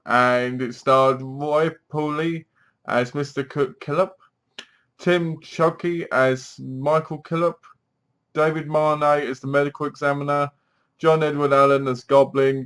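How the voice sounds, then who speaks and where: A man at an ordinary middle pitch, talking through an episode review. He is casual and chatty, and he recaps the plot with lots of "basically". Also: a bit bright. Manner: chatty, keeps saying "basically".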